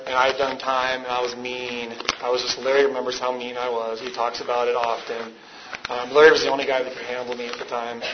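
A man shares his recovery story with a meeting crowd in a loose, rambling way, poking fun at himself and laughing often. The recording is muffled and lo-fi, with steady noise underneath. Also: mid-range voice. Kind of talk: personal story told to a live meeting. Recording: dull lo-fi with background noise.

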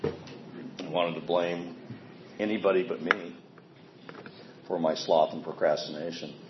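A man giving a candid, plainspoken personal recovery testimony, self-deprecating about his past behavior. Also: a bass voice. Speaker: speaker sharing a recovery story. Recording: echoey, dull sound with faint ambient noise.

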